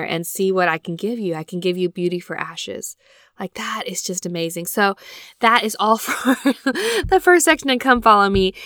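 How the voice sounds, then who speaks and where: Earnest woman, smooth clear voice. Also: fairly low pitch, fairly bright tone, dry recording, studio quality. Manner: reads verses slowly, then reflects earnestly. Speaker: podcast host. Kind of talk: devotional scripture-study podcast. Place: small closet at home. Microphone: built-in laptop microphone.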